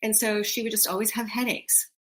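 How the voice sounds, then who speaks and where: Speaking fairly quickly in a slightly high voice, a middle-aged woman co-hosts a casual, conversational podcast. She brings her stories to life by acting out quoted voices with laughs.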